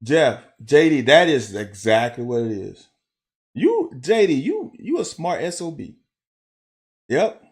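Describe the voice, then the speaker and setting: A young man, a former player, casually breaking down game film and telling profane, animated stories with quick laughs. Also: a little high, slightly rough. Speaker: football analyst.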